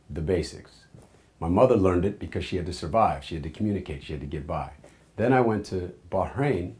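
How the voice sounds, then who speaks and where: An American man in his forties recounts his life story candidly and reflectively, frequently slipping into soft, low asides.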